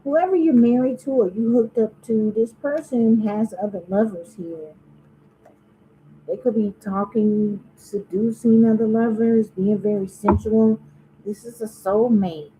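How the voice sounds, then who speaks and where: A woman reads tarot for her viewers in a loose, talky way, speaking straight to them and asking spirit questions aloud. Her voice sits a little high and sounds mellow and soft-edged. A faint hiss runs under the recording. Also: a little slow, low-quality recording. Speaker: tarot reader. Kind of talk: casual tarot reading to camera.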